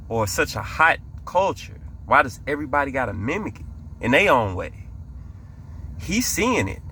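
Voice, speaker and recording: An American man commenting on a clip for his reaction video, firing off rhetorical questions. His voice sits at a middle pitch with a bright, forceful tone, and his speech is loose and full of slang. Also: slight background noise. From United States. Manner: poses rhetorical questions, talks in casual slang.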